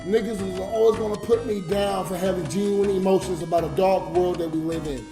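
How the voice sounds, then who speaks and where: A man's voice: high-pitched, fairly even intonation, brisk. A drunk man rambling emotionally to his viewers during a late-night livestream, reading donations between rants. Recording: roomy with music behind. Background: music.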